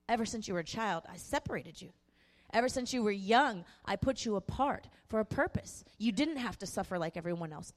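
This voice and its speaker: Earnest woman preaching in echoing hall. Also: medium pitch. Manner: earnest, impassioned preaching with emphatic repetition. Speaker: pastor. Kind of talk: sermon testimony. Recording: echoey hall.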